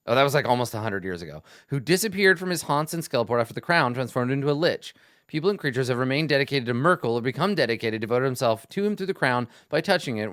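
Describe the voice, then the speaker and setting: A man's voice: medium pitch, fairly bright tone, dry recording, clean studio sound. A man talking as game master, planning a tabletop adventure aloud, thinking things through with restarts. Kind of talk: casual session prep talk.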